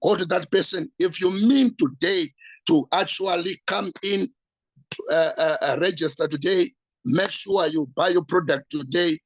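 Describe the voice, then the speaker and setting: A man, a pastor, giving an urgent, repetitive sales pitch at an evening meeting. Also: fairly even intonation, normal speed, no echo, low-quality recording. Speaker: pastor promoting a business.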